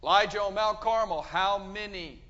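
A man preaching a sermon, emphatic, pushing his voice up loud and dropping it low. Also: normal speed. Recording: dull sound with long hall reverb.

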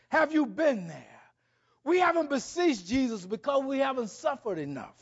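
A man preaching a sermon, with dramatic swings between loud and soft. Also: high voice, big pitch swings, moderate pace, vocal fry, husky, highs cut off. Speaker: pastor.

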